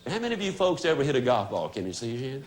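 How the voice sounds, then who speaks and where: Older man, motivational speech to salespeople, folksy, dramatic, swooping pitch. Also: very animated, racing. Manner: folksy and dramatic, drops to a low soft voice for punchlines. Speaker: motivational speaker. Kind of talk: motivational talk to a sales audience.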